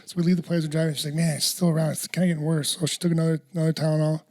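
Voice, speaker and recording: A man's voice: on the high side, little pitch movement, very fast, a little mellow. A man hosting a casual podcast chat, telling a rambling story with lots of restarts and casual swearing. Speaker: podcast host.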